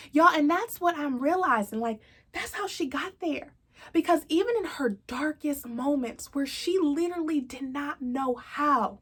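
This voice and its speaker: A woman's voice: high-pitched, animated, measured pace, fairly bright tone. Earnest woman giving a devotional talk. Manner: earnest, addresses listeners as y'all, many fillers. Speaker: host of a faith talk show.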